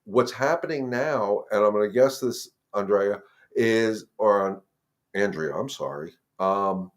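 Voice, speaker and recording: A man's voice: lowish voice, slow. A man hosting a live dog-training Q&A, talking casually and directly to viewers, repeating words and turning firm and emphatic on the rules. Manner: conversational, repeats words, addresses viewers as guys. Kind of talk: casual live-stream advice.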